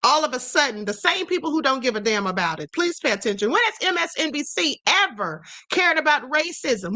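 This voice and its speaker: A woman's voice: high-pitched, pushed and bright, dry recording. A woman hosting a political commentary livestream, talking emphatically to her viewers in a string of rhetorical questions. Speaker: livestream host.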